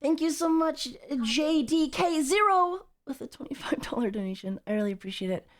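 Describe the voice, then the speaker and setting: A woman's voice: high voice, animated, moderate pace. Playful young woman streamer, teasing. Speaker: VTuber streamer. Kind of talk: casual livestream chat, reading chat aloud.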